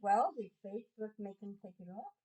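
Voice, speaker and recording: A woman's voice: mid-range voice, expressive, a little fast, dark tone, recorded from a distance, poor audio. A woman co-hosting a talk show, chiming in with short questions and reactions.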